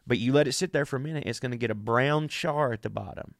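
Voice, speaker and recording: A man's voice: mid-range voice, fast, creaky, no echo, clean studio sound. A sick man, talking casually and profanely straight to his listeners in a podcast monologue. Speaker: podcast host.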